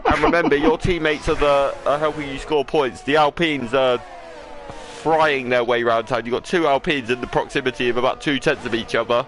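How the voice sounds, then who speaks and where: A man giving live commentary on an esports race, excitable, breaking into quick exclamations when the racing gets close. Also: mid-range voice, slight background noise.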